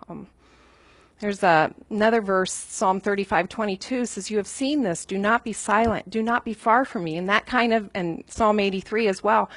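Middle-aged woman leading a bible study, chatty and relaxed, dry close sound. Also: mid-range voice, dry recording. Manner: conversational, with everyday anecdotes and filler ums.

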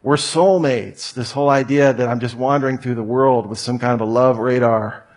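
A man's voice: medium pitch, fairly even intonation, moderate pace. A man giving a humorous lecture to an audience, full of rhetorical questions and joking asides. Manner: rhetorical questions, jokey asides, mock voices. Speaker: speaker giving a talk.

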